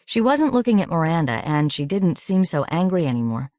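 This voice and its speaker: A woman narrating an audiobook in a measured, steady reading. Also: on the low side, dry recording, clean studio sound.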